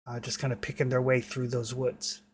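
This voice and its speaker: A man running a tabletop game as game master, narrating with many pauses and fillers. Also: medium pitch, completely flat delivery, a little hiss or hum. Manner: hesitant, filler-heavy narration.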